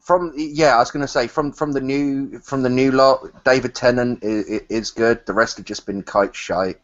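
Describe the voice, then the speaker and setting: A man's voice: mid-range voice, fairly even intonation, normal speed. Chat guest, rambly man, dull lo-fi online call. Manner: repeats words, rambling. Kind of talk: casual group chat.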